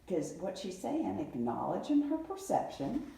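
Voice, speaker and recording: A woman's voice: medium pitch, a little slow, creaky. A middle-aged woman in a casual family conversation, telling stories and acting out what her relatives said. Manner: animated storyteller who acts out family quotes. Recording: echoey room, mic far off.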